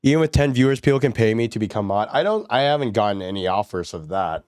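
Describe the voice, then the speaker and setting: A man's voice: fairly low pitch, lively intonation, quick pace, darkish tone, smooth, dry recording, clean studio sound. A young man, a VTuber streamer, chatting casually with his viewers while playing a game, laughing often and rambling. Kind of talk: casual gaming commentary.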